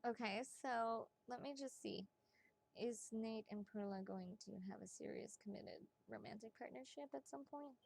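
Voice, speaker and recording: A woman giving psychic readings on a casual live stream, chatty and excitable, swearing freely and talking straight to her viewers. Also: on the high side, moderate pace, gravelly, no echo.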